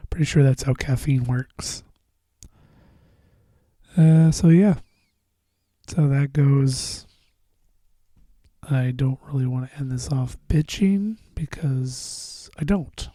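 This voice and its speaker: A man rambles through a casual solo podcast, swearing freely and drifting into mumbles. His voice is deeply dark and mellow, and the sound is close and dry with no room around it. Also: slow pace, pauses often, no room sound. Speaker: podcast host.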